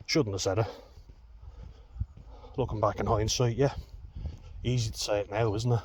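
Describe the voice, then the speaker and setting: Low-voiced Irish man venting. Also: fairly even intonation, moderate pace, a little mellow, slight background noise. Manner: heated, sweary, candid recounting. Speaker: vlogger. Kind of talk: personal storytelling vlog.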